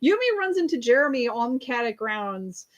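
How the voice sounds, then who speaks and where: A woman talks through an episode recap in a loose, rambling way, full of fillers and quick self-corrections. Her voice sits a little high, and she giggles easily as she goes. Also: big pitch swings.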